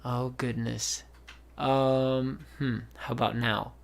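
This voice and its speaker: A man's voice: mid-range voice, little pitch movement, slow pace, vocal fry. A young man hosting a podcast, telling a long story in a casual, rambling way with many fillers and restarts. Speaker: podcast host. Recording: voice call.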